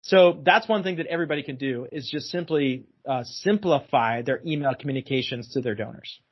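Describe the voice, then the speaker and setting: A man's voice: medium pitch, brisk. A man as a guest expert on a podcast interview, explaining at length and emphatically repeating his key phrases. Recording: dull lo-fi sound.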